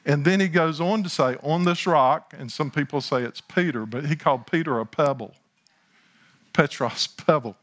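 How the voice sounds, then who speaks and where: A man preaching a sermon as pastor, building to slow, emphatic lines, with chatty asides and talk of himself in the third person. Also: a little high, a bit bright.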